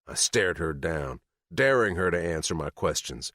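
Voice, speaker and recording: Audiobook narrator: a man, deep and expressive, in a dry, close booth. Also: normal speed, no echo. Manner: dramatic, expressive reading. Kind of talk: scripted first-person audiobook narration.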